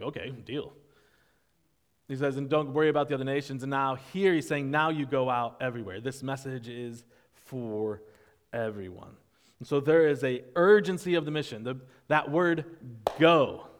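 Pastor, male, slightly higher voice, preaching with animated energy; church hall with long reverb. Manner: animated, acts out disciples' reactions in voices. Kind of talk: sermon. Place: church sanctuary.

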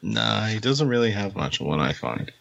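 A man's voice: lowish voice, very animated, moderate pace, creaky, fairly bright tone, dry recording, highs cut off. A man co-hosting a podcast, chatting casually, laughing often while plugging the show. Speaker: podcast co-host.

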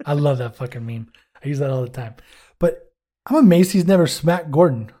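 A man's voice: a little high, animated, a little fast, mellow. A man co-hosting a podcast, chatting casually about a TV episode, joking, rambling and swearing freely. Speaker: podcast co-host. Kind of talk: casual chat, reviewing a TV episode.

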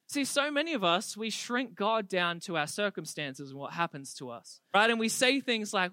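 A young adult preacher giving an energetic, humorous youth sermon that builds to fervent emphasis. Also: mid-range voice, moderate pace, hardly any pauses, no room sound.

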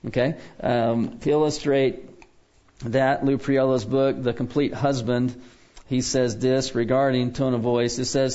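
A man lectures on counseling in a loose classroom manner, often pausing to ask "okay?" to keep his listeners with him. His voice sits at an ordinary middle pitch. The recording is dull and lo-fi. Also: little pitch movement, warm tone. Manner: conversational, checks in with "okay?" often. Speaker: biblical counseling teacher.

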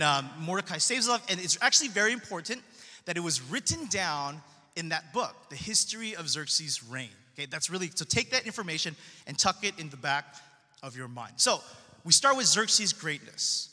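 Brief: male preacher, high, very bright voice, casual slangy storyteller, echoing church hall. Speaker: pastor. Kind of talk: sermon. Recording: long hall reverb.

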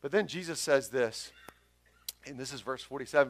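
A pastor giving a conversational sermon that swells loud for emphasis. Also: male voice, medium pitch, moderate pace.

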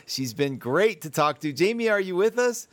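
A man's voice: sits high, very animated, moderate pace, dry recording. A man hosting an online panel in casual chat, rambling and laughing often. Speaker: host. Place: Colorado mountains.

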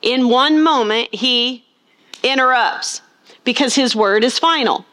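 A woman preaching with a voice pitched a little above most women's. She leans hard on key words and keeps asking the congregation questions, pausing for them to answer before she presses on. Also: sharp tone. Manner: asks the congregation rhetorical questions; acts out scenes in funny voices. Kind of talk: sermon.

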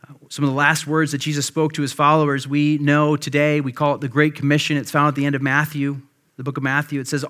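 A man in his thirties, a pastor, preaching a sermon and telling a personal story in a relaxed, conversational way with frequent fillers. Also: on the high side, fast.

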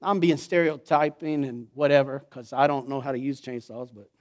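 A man preaching a sermon in an animated way, acting out the voices he quotes. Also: mid-range voice, normal speed. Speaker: pastor.

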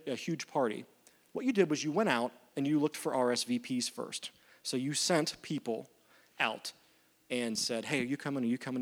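A male pastor preaching a sermon in a conversational way, acting out the lines of the parable. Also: mid-range voice. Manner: conversational, animated retellings of dialogue.

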